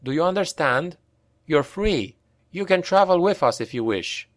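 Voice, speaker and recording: A man's voice: a little high, lively intonation, moderate pace, dry recording, studio quality, voice pushed up, close to an everyday voice. A man voicing a weary male mercenary leader, guilty but resolute and commanding. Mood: reassuring.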